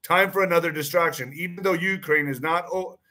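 Male host, bright and slightly high voice, rambling monologue with repeated words and pointed questions. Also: a little fast. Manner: repeats phrases, frequent restarts and fillers; poses claims as pointed questions. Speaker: online show host. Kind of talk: casual monologue commentary.

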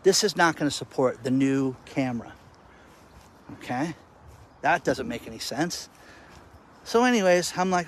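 A male content creator telling stories to camera outdoors in the wind, animated and exasperated. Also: fairly high pitch, unhurried, pauses often. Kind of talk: casual vlog rant.

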